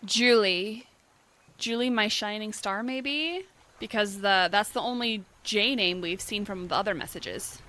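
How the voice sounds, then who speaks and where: A young woman chatting casually through a video game, thinking aloud, reacting with quick startled remarks, and reading the game's text aloud. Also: medium pitch, pushed and bright. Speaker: gaming channel host.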